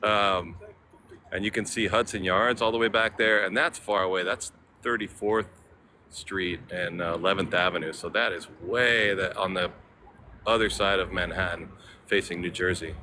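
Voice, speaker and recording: A man's voice: low-pitched, steady tone, moderate pace, sharp tone. A man hosting a casual live-stream walking tour outdoors, chatting to viewers and greeting them by name. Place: outdoors on a city waterfront promenade. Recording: outdoor city noise with traffic.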